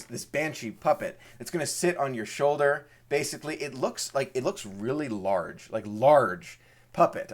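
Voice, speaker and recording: Chatting loosely and welcoming his viewers, this live-stream host from Maryland sounds keen and excitable. His pitch sits in the middle range, and he tends to say words twice.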